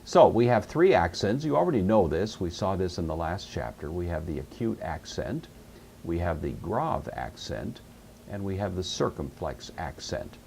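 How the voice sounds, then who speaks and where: A middle-aged male teacher with a low, gravelly voice, walking through a lesson patiently and slowly repeating the key terms. His pitch rises and falls a lot as he stresses each point. A faint hiss sits under the recording. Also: very animated, darkish tone. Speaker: Greek teacher. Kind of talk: recorded lecture.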